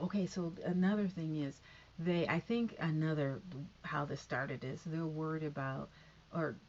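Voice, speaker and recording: A woman's voice: sits low, darkish tone, lo-fi sound, a little hiss or hum. A woman casually recapping a TV episode, rambling with lots of fillers and tangents.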